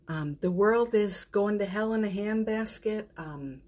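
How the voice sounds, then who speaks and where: A middle-aged woman, an energy healer, giving a gentle and affectionate spiritual pep talk on a morning livestream, greeting viewers by name and laughing often. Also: medium pitch, lively intonation, normal speed, hardly any pauses. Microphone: phone or computer mic for a livestream.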